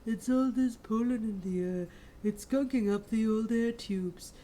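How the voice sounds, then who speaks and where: A woman's voice: fairly high pitch, unhurried, mellow, lightly acted, rough recording. A woman doing a sniffly, cheerful dad. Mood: dismissive. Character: sick, cheerful father playing it down.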